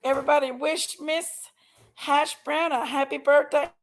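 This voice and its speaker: A woman's voice: sits high, steady tone, moderate pace, a little hiss or hum. A woman hosting a casual livestream, affectionately greeting viewers one by one by name and sometimes sounding tearful. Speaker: livestream host.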